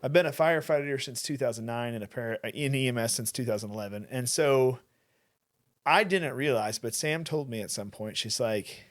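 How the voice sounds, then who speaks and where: A man's voice: mid-range voice, moderate pace, no room sound, studio quality. A man, a firefighter and paramedic, speaking earnestly about his work in an interview. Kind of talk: recorded interview testimony.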